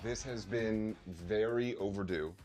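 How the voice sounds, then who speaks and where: A man hosting a podcast interview, telling stories in a loose, animated way, swearing freely and acting out what people said. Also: fairly low pitch, measured pace, over loud music. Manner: animated storyteller, swears freely, acts out quotes. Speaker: podcast host. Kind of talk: casual conversational interview.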